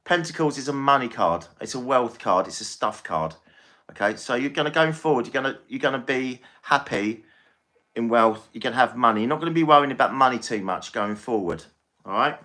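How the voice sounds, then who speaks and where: Bright-voiced man reading tarot. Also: mid-range voice, animated, brisk. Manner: chatty, reassuring, repeats himself. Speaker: tarot reader. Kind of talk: live-stream tarot reading.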